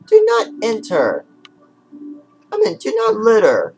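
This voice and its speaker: Woman hosting a casual watch-along with giggly, rambling patter and a voice that cracks into squeaky highs and swoops all over. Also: huge pitch swings, slow pace, darkish tone, slight background noise. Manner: rambling, giggly, keeps saying "so anyway"; voice jumps suddenly into a squeaky high register. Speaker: channel host.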